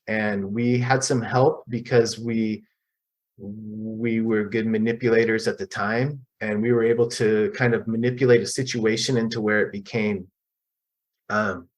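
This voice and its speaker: A middle-aged man telling his personal recovery story at a support group meeting, halting and candid, with frequent restarts and pauses. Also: fairly low pitch, low-quality recording.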